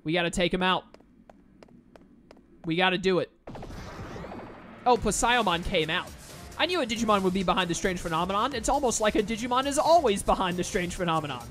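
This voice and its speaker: A man's voice: sits high, expressive, brisk, pauses often, a bit bright. A man giving casual, jokey commentary while playing a video game. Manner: laid-back, jokey, says "dude". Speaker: let's-play gamer. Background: faint game music.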